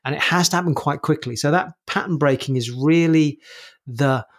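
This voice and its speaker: A man on a podcast giving coaching advice, explaining things in quick, animated bursts with many restarts. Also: fairly high pitch. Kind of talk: casual conversational podcast talk.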